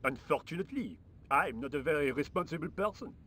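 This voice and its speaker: A man's voice: on the high side, expressive, brisk, fairly bright tone, slight background noise. An actor playing a lazy, chain-smoking French workman, with a French accent and a drawling, sardonic delivery. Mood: indifferent.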